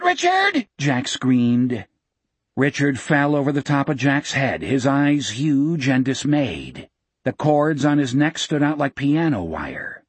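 A man reading an audiobook narration in a measured, expressive way, shifting pace with the action. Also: mid-range voice, husky, no room sound.

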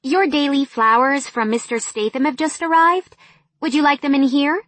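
A woman voicing a polite, eager young female assistant in an audiobook, with a bright and helpful delivery. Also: high-pitched, fairly even intonation, moderate pace, no echo, voice pushed up.

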